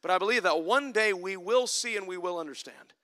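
A man preaching a sermon in church, climbing to loud emphatic passages and dropping to soft, reflective asides. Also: sits high, brisk. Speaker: pastor.

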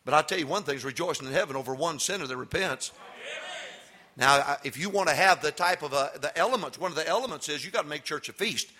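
An older man, a pastor giving a sermon that swings from loud emphatic preaching to folksy storytelling. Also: on the high side, fast. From Texas.

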